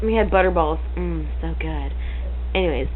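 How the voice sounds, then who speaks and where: A woman's voice: low voice, moderate pace, narrow, tinny audio, a little hiss or hum. A teenage girl chatting to a webcam at home, hyper and giggly, rambling and breaking into silly noises. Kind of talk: casual chat to camera.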